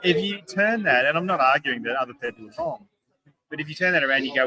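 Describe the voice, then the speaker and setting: Bright-voiced Australian distiller. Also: male voice, on the high side, lively intonation, fast, low-quality recording. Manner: emphatic, explaining, sweary. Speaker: craft distiller. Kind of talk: casual podcast chat. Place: distillery bar.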